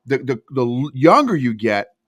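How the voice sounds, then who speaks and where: A man's voice: mid-range voice, moderate pace, no room sound, clean studio sound. A man who coaches emotional intelligence, telling stories emphatically in a podcast interview. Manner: emphatic, animated storytelling.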